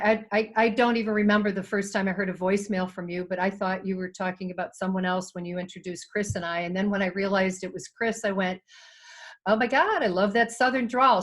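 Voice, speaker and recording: Chatty woman hosting a call. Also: medium pitch. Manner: chatty, enthusiastic. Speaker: host. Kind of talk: casual panel hosting on a video call. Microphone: video call.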